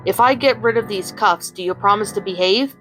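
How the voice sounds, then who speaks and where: A woman voicing a level-headed teenage heroine in a fan story reading, calm and firm. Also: medium pitch, fairly quick, soft background music, close to an everyday voice, low-quality recording. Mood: steady.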